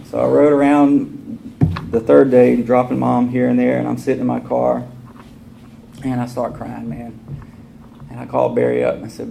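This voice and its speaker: A man with a deeply gravelly, fry-heavy voice speaks at a recovery meeting. He talks candidly and casually and slips into the voices of the people in his story. There is a steady hiss of noise around him. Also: moderate pace. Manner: casual and candid, acts out quoted dialogue. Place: meeting room. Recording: noisy room recording.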